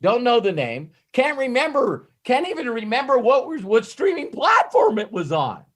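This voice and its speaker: A man giving an off-the-cuff motivational talk as a network marketing trainer, rambling and animated, swearing freely and often breaking off and restarting his sentences. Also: extremely high pitch, moderate pace. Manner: frequent restarts and self-interruptions.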